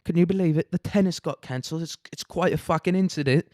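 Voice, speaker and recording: A man's voice: on the high side, quick pace, darkish tone, no room sound, studio quality, pitched above the performer's own voice, lightly acted. A man putting on a mock British accent as a snobbish Ivy League woman. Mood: scandalized.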